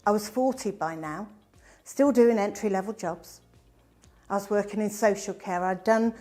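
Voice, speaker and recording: A middle-aged woman tells her own life story as a presentation. She is an animated storyteller who swings from bright emphasis to hushed asides. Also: medium pitch.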